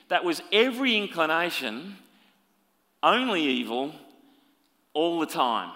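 A man preaching a sermon, swinging between loud emphatic lines and hushed, quieter asides. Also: medium pitch. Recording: long reverb of a large hall.

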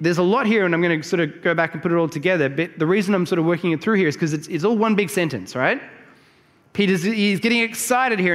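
A man's voice: high-pitched, long reverb tail. A man preaching a sermon, explaining a passage line by line and often checking in with his listeners.

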